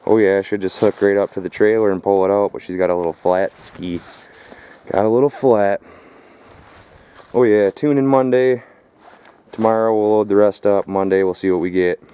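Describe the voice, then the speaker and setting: Outdoors at a rural property, a Michigan man hauls scrap and narrates a casual vlog, talking loosely with plenty of swearing, calling viewers folks and boys, and sometimes getting out of breath. His voice is lowish, warm, and smooth, with a steady tone, moderate pace, and long pauses.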